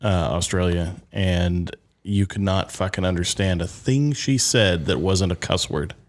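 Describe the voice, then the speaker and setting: A man's voice: low voice, unhurried. A man co-hosting a casual podcast chat, making blunt, wry jokes. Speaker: podcast co-host.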